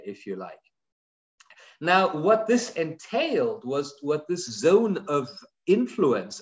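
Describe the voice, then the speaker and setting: Guy prof lecturing, lots of uhs, mid pitch, kinda dull lo-fi stream sound. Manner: hesitant, many fillers. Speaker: professor. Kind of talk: academic lecture.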